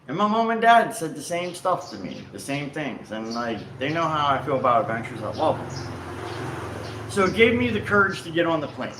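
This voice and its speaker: A man casually telling a personal travel story, rambling and animated with frequent self-corrections. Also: a little high, moderate pace, slight background noise. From United States. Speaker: vlog host. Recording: roomy echo with faint outdoor ambience and birds.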